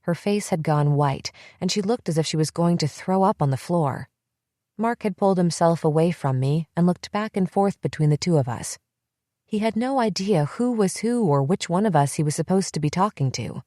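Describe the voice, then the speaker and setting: A woman reading a first-person psychological thriller audiobook in a tense, measured way on a close mic. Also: on the low side, animated, mellow, no echo. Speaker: audiobook narrator.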